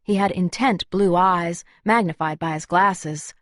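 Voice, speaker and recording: A woman's voice: fairly low pitch, a little slow, no room sound, clean studio sound. A woman narrating a first-person audiobook in a wry, conversational way.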